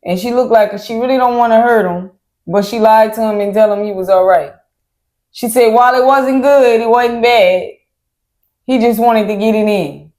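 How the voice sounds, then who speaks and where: A woman's voice: on the high side, moderate pace, darkish tone. Laid-back woman recapping a show. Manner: laid-back, acts out quotes from the episode. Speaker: reaction show co-host. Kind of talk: casual recap chat.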